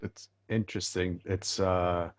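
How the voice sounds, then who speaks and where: A man's voice: low voice, flat delivery, measured pace, dry recording. A man interviewing a guest in a reflective, casual way, repeating phrases for emphasis. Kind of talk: casual conversation. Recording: dull, dry, muffled sound.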